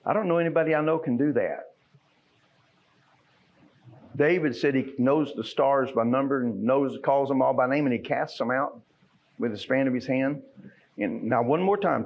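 A preacher delivers a sermon in a church, talking in a plain, folksy way and then pressing hard on key lines. His voice sits at a middling pitch for a man. The sound is dull and lo-fi. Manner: folksy and conversational, building to fervent emphasis. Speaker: pastor. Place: church sanctuary.

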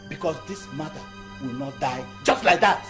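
A man's voice: a little high, lively intonation, moderate pace, over music, close to an everyday voice. An actor with a Nigerian accent playing a powerful senator who protects his daughter and threatens others. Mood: threatening. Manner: commanding, threatening. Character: powerful senator and angry father.

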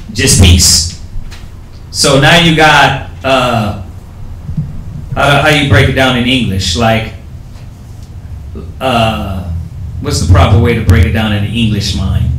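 A man teaching a class, explaining things casually and haltingly with many fillers. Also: mid-range voice, pushed and bright, slight background noise. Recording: echoey room with faint ambience.

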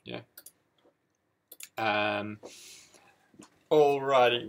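A man's voice: mid-range voice, moderate pace, gravelly, bright, forceful tone. A man walking through code in a casual screen-recorded tutorial, hesitant with many ums and restarts. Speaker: coding tutor.

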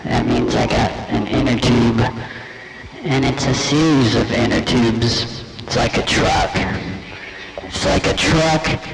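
A man's voice: medium pitch, fairly even intonation, measured pace, vocal fry, reverberant, heavy background noise. A man livestreaming in a rambling, profane, jokey casual talk.

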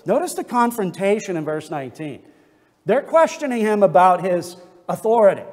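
Pastor guy preaching, pretty high voice, big echoey church sound. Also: animated, normal speed, darkish tone. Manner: earnest expository preaching, rhetorical questions. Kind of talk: sermon. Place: church sanctuary. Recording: long hall reverb.

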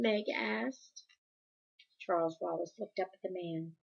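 A woman reading a children's novel aloud chapter by chapter, gentle, closing with a spoken blessing. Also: mid-range voice, measured pace, gravelly, breathy edge, highs cut off.

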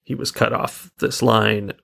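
Man, podcast co-host, very gravelly, wry, relaxed film talk. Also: lowish voice, unhurried. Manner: relaxed, wry, laughs often. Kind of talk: casual movie discussion.

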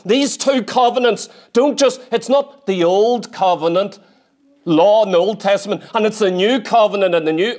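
A man preacher delivering a sermon in a church, emphatic and full of repeated rhetorical questions. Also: high voice.

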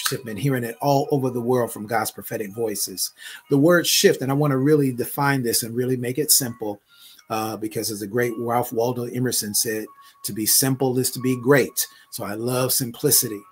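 A man who is a prophetic minister delivers a prophetic word and prayer, repeating phrases and building to loud, emphatic declarations. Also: mid-range voice, a little hiss or hum.

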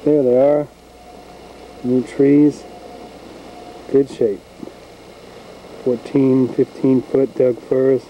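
A man's voice: mid-range voice, level tone, drawn-out words, pauses often, dark tone, a little hiss or hum, low-quality recording. A man narrating casually as he films his farm outdoors on a handheld camcorder, folksy and rambling. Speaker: home video maker. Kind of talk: casual narration while filming. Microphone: handheld camcorder mic.

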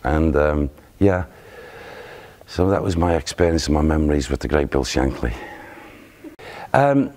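A man's voice: very deep voice, a little slow, long pauses. An older man, a spiritual medium, telling an anecdote in an interview and acting out the voices of the people he quotes. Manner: animated storyteller who acts out quoted voices. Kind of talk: anecdotal storytelling. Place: theatre.

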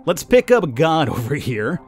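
A man talks through a video game in a casual, rambling way, his pitch sitting a bit high and swinging around a lot. He laughs easily and keeps it chatty, with soft music playing underneath. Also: sing-song, measured pace. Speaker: gaming YouTuber. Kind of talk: casual let's-play commentary.

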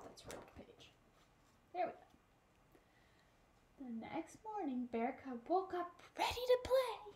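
A children's librarian reading a picture book aloud at a slow, unhurried pace. Her voice sits fairly high and swoops up and down with lots of expression. She stops now and then to ask a child listener questions. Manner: animated, talks to a child listener.

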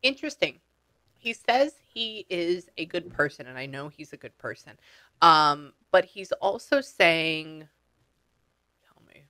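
A woman's voice: on the low side, lively intonation, measured pace, pushed and bright. A woman working as a psychic medium, talking casually with clients and relaying what she hears in a chatty way, with slang and the odd swear word. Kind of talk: casual session talk.

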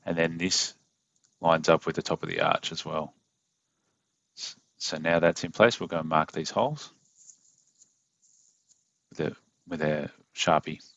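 A low-voiced Australian man talks through a car install tutorial in a flat, monotone voiceover. His voice has a gravelly edge. The recording is dry and a little dull. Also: no room sound. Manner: monotone, plain and unhurried, with fillers. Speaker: DIY car install host. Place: home studio voiceover.

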